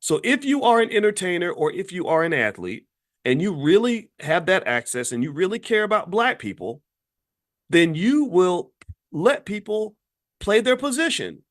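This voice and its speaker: A man hosting an impassioned opinion commentary, swinging from low muttering to high outbursts. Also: very animated, moderate pace. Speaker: host.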